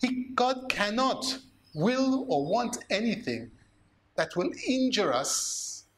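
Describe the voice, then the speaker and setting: A man, a priest preaching a sermon, slow and emphatic, asking rhetorical questions. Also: sits high, very animated, fairly bright tone.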